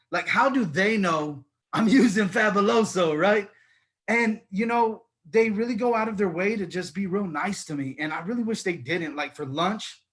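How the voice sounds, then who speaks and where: A middle-aged man working through a stand-up set in a fairly high voice. He tells his stories with lively swings, punching lines up loud, then dropping low and quiet as he plays other people. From Texas. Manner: animated storytelling, swings loud and soft in quoted exchanges. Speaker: stand-up comedian.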